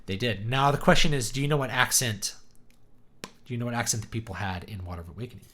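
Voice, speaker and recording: A man's voice: mid-range voice, fast, pushed and bright. A man from East Texas, an author hosting a casual livestream, chatting enthusiastically and answering viewer questions in loose rambling asides. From East Texas, USA.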